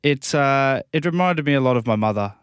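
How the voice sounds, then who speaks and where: A man co-hosting sports radio, deadpan and mock-serious. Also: mid-range voice, a little fast, slight background noise. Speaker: radio co-host. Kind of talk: deadpan banter.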